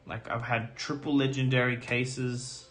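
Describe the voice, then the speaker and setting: A man opens trading card packs on a live stream, with music in the background, and talks loosely with lots of fillers while getting worked up over his pulls. He has a medium-pitched, slightly hoarse voice and a measured pace.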